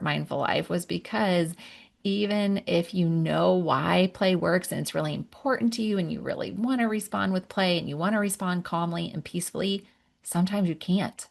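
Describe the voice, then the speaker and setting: A woman who works as a parenting coach and therapist, giving a gentle, reflective podcast talk that explains each step and pauses to sigh between thoughts. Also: lowish voice, creaky.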